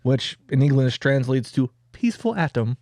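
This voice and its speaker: A man's voice: mid-range voice, big pitch swings, normal speed, darkish tone, dry recording. A man hosting a podcast, telling a history story in a joking, casual way with plenty of fillers. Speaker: podcast host.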